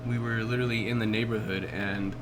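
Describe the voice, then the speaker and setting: A man's voice: fairly low pitch, fairly even intonation, quick pace. A young man co-hosting a podcast, telling stories in a rambling way full of fillers and swearing. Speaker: podcast co-host. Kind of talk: casual chat. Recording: noticeable background noise.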